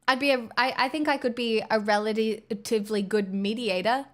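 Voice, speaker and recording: An Australian woman with a fairly high voice talks off the cuff on a live stream. She is blunt and rambling, restarts her sentences often and swears freely as she answers viewers. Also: fairly even intonation, normal speed, fairly bright tone. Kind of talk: casual chat reading viewer messages.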